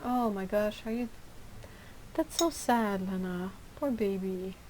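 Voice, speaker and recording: A woman's voice: mid-range voice, slow pace, darkish tone, a little hiss or hum, low-quality recording. A woman hosting a casual livestream, chatting and reacting to viewers' comments with frequent laughter. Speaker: livestream host and artist.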